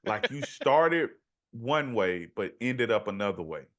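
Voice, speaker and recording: A man's voice: mid-range voice, sing-song, unhurried, a bit bright. A man hosting a podcast interview, talking emphatically and casually and often asking "you know what I mean". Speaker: podcast host.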